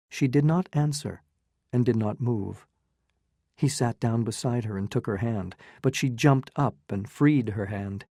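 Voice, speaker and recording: Man reading a story aloud, very slow, dark mellow tone, dry close sound. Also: medium pitch, no room sound. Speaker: audiobook narrator. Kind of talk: slow graded-reader narration.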